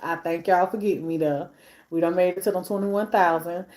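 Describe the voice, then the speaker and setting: A woman's voice: fairly low pitch, steady tone, fairly quick, darkish tone. A woman hosting a live stream in casual chat, talking between bites while she eats and piling up repeated phrases for emphasis. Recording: echoey room.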